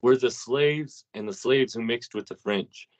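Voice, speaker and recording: A man's voice: medium pitch, a little slow. A man co-hosting a casual podcast, telling stories in a loose way with plenty of swearing. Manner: loose, profane storytelling. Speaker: podcast co-host. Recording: dull lo-fi audio.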